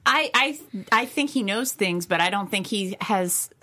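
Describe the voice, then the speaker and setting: A woman's voice: medium pitch, expressive, unhurried, bright, forceful tone. A woman co-hosts a comedy news talk show, delivering gag headlines and dry wisecracks. She laughs easily between lines, in a mid-range voice. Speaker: co-host.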